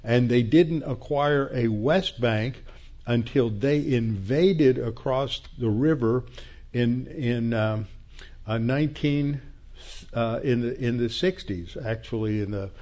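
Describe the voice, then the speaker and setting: Guy teaching bible study, mellow warm voice, lots of uhs and restarts, explains stuff step by step. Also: medium pitch. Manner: unhurried, thinking aloud with many fillers and restarts; explanatory, asks and answers his own questions. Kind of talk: Bible study lecture with map.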